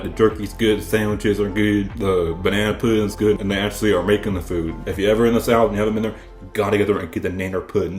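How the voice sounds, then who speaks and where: A young man from the American South vlogs in a low-pitched voice, giving a laid-back, casual show-and-tell chat. He rambles and often restarts as he tells his stories, recorded in an echoey room with faint music behind.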